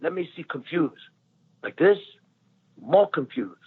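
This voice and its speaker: This is an excitable male director with a Chinese accent, snapping out clipped, repetitive instructions, as a man puts him on. The voice sits far higher than the speaker's usual register. It comes through a thin, phone-like line. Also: unhurried, slightly rough. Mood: coaxing. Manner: choppy, insistent, repeats commands. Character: excitable male film director barking acting notes.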